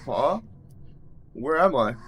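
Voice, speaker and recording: A man's voice: medium pitch, animated, slow pace, fairly bright tone, a little hiss or hum. A man reading aloud the lines of a frightened teenage schoolgirl from a video game, in his own voice.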